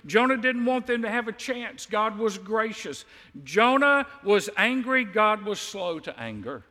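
Animated, high-voiced preacher man in a hall. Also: measured pace. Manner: animated storytelling, acting out quotes. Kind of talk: sermon.

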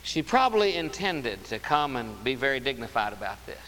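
A man's voice: mid-range voice, big pitch swings, pushed and bright. A man preaching a sermon, emphatic, stretching key words and repeating phrases. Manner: emphatic, drawn-out stresses and repetition. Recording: roomy hall reverb with faint hiss.

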